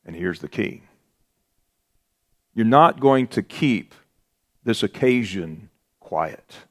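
A man preaching a sermon as pastor, slow and deliberate, rising to emphatic peaks on key words. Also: on the low side, expressive.

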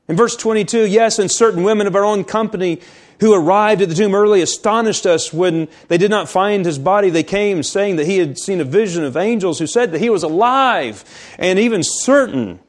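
A man with a fairly high voice preaches a sermon. He reads scripture aloud and explains it verse by verse, slowing down to press on key words. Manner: slows down to stress key words. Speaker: pastor.

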